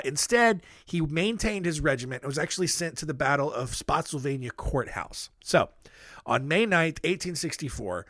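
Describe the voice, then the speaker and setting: A man's voice: a little high, a bit bright, dry recording, clean studio sound. A man hosting a podcast, telling history stories in a casual, rambling way with joking asides and lots of fillers. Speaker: podcast host. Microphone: studio microphone.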